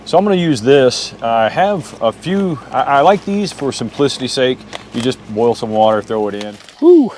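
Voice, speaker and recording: Talking to his dog at his truck on a campsite, a middle-aged man from Oklahoma rambles through a casual camping vlog. His voice is fairly low and a little mellow, and faint bug noise carries in the background.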